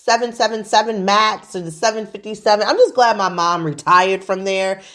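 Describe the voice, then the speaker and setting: A woman's voice: mid-range voice, moderate pace, a bit bright. A woman in her forties hosting a casual chat show, telling stories in a chatty, profane way. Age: 40s. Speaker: host.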